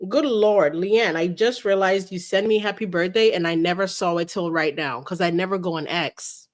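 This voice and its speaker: A woman hosting a casual livestream, chatting about a lawsuit and reading viewer messages aloud in an animated way. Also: fairly low pitch, normal speed. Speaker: livestream host.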